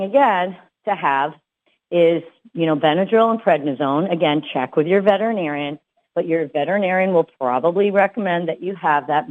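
A woman dog trainer giving casual advice, chatty and full of fillers and restarts. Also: lowish voice. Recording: tinny phone-like sound.

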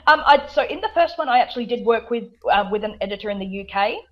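A woman's voice: fairly high pitch, animated, fast talker, dull audio. An Australian woman from South Australia, a guest author chatting in a radio interview, full of fillers, restarts and laughter.

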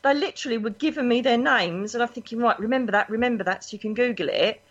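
A woman, a psychic guest telling stories in a chatty, animated way. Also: fairly high pitch, fast talker, husky. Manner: animated, chatty, acts out voices in her anecdotes. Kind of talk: casual storytelling interview. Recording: dull lo-fi recording.

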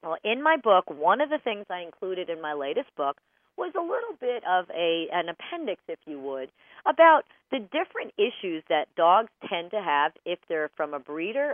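A woman dog trainer hosting a radio talk show, bubbly and animated, laughing often. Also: lowish voice, normal speed, no echo. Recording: tinny phone-like line, dry.

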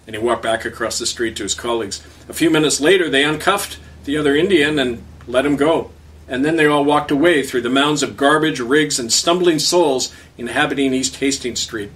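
A man's voice: mid-range voice, brisk, fairly bright tone. A man hosting his own show, reading a commentary and story in a sarcastic, polemical way, recorded from a distance off the mic. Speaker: pastor and show host.

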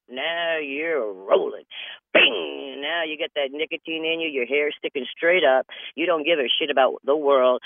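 A man riffs through a loose, rambling comedy monologue, his voice sitting a bit higher than most. The sound is tinny and thin like a phone line, with a bone-dry, close feel. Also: no echo. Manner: rambling and loose, jumps between bits and acted-out voices.

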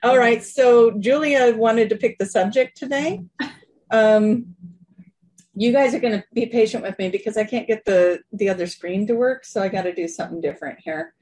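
A chatty woman co-hosting from her bedroom over a video call. Her voice is a little husky and sits on the high side, and she laughs easily, keeps talking through tech trouble and chats freely. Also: moderate pace, a little mellow, low-quality recording. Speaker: co-host. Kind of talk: casual video-call chat.

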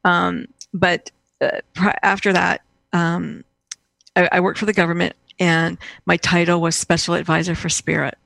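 A woman's voice: on the low side, level tone, moderate pace, creaky, fairly bright tone, dry recording. A middle-aged woman, a guest in conversation, telling a personal story in a rambling way with many restarts and fillers.

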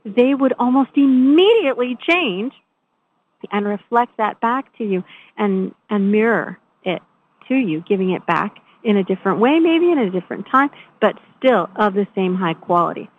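A woman host telling a personal story in a chatty, animated way, often restarting her sentences. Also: medium pitch, moderate pace, husky. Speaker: show host. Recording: tinny phone-line sound.

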